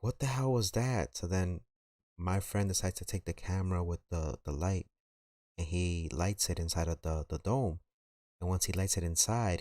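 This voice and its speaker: Deep-voiced New man telling a story. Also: a little mellow, dry recording, clean studio sound. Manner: rambling, filler-heavy, slangy. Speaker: streamer. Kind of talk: casual storytelling on a live stream.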